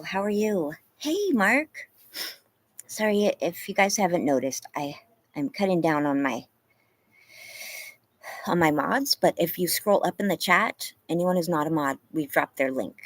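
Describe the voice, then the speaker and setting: A woman hosting a casual livestream, tired and a little teary, greeting viewers by name between moments of talking to her dogs. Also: sits low. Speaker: livestream host. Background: dogs barking.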